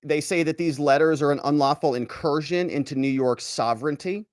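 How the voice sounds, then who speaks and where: A man hosting a solo legal commentary show, animated and sarcastic as he reads and picks apart a letter. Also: fairly high pitch, a little fast, no echo, clean studio sound. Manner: animated and sarcastic, mocks quoted officials in pompous voices. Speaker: lawyer commentator, show host.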